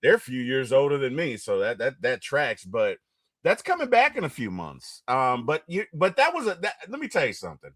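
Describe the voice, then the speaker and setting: A middle-aged man hosting a casual interview, talking animatedly and getting loud and excited as he retells film scenes. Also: medium pitch, brisk, no echo. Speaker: interview host.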